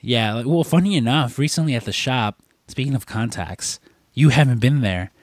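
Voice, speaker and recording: A podcast co-host with a mid-range voice tells a rambling story in casual chat, swearing freely. He sounds animated at a normal speed, in studio quality with no echo.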